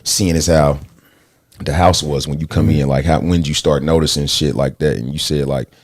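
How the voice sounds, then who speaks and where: A man hosting a podcast, bantering loudly with lots of laughter and swearing. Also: rumbling low, moderate pace. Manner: loud, laughing, animated banter with frequent swearing. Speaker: podcast host. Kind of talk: casual interview chat.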